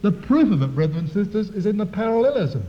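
High-voiced preacher in a big echoing hall. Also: male voice, big pitch swings, quick pace. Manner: earnest, repeatedly addresses brethren and sisters; swings between quiet reflection and loud emphasis. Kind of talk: sermon with Bible exposition. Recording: dull, lo-fi recording in a reverberant hall.

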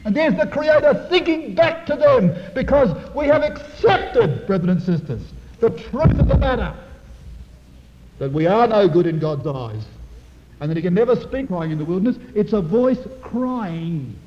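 A man preaching a sermon, explaining Bible verses and often addressing his listeners as brethren and sisters, moving between quiet reflection and loud emphasis. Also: high voice, big pitch swings, moderate pace. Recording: dull, lo-fi recording in a reverberant hall.

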